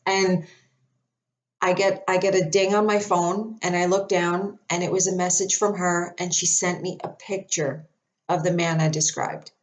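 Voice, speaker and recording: Woman, lowish voice, chatty storyteller to camera, dry throat, lots of fillers. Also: measured pace. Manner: chatty, animated, many fillers and restarts. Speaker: psychic medium.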